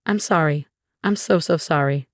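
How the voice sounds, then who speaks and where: A woman reading the lines of a desperate, pleading middle-aged father in a narrated story, in a lowish voice with little change. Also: moderate pace, no room sound, studio quality. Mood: begging. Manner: pleading, voice cracking.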